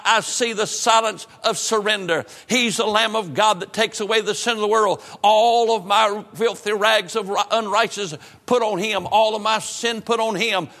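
A man preaching a sermon with fervent repetition, dropping to a hush on solemn lines. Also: high-pitched. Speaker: pastor. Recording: preaching in a reverberant church hall.

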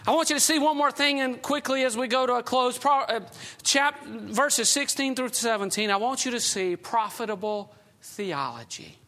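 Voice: medium pitch, animated, moderate pace, sharp tone. A pastor preaching a sermon in a folksy, storytelling way, often chuckling.

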